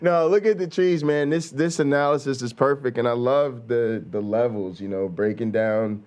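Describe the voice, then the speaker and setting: A man hosting a casual reaction show, laid-back and quick to laugh, with lots of fillers. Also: medium pitch. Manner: relaxed, laughs a lot, drawn-out fillers. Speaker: host.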